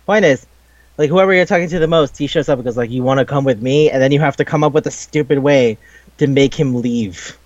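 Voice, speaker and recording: Young man, animated, raises his voice for game quotes, a little high, muffled lo-fi mic, dry sound. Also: fairly quick, no room sound. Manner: animated, swearing, acting out game dialogue. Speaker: podcast co-host. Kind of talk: casual game discussion.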